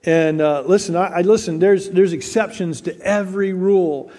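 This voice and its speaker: Male pastor, higher voice, earnest sermon delivery in a reverberant church hall. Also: warm tone. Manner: earnest, repeats words, slows for emphasis.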